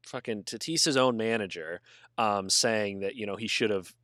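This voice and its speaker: A man's voice: on the low side, moderate pace, a bit bright, no echo, clean studio sound. A man co-hosting a casual sports podcast, talking bluntly and swearing freely as he rambles through his points. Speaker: podcast co-host. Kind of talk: casual chat.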